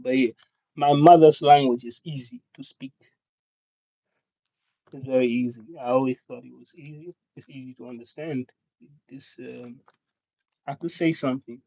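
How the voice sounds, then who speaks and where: A man whose first language is Swahili, chatting casually with viewers on a live stream, halting and rambling with many restarts. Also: medium pitch, fairly even intonation, warm tone, husky, no room sound. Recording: dull, dry lo-fi sound.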